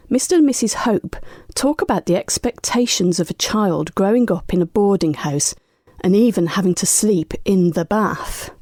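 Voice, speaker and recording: Lively mellow woman presenting radio. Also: lowish voice, dry recording, studio quality. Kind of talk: scripted narration.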